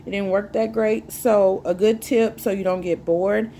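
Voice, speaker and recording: A woman's voice: mid-range voice, steady tone, measured pace, mellow, a little hiss or hum. Chatty woman in her twenties. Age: 20s. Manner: chatty, joking, sips a drink while talking. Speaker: vlogger. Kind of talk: casual chat to camera.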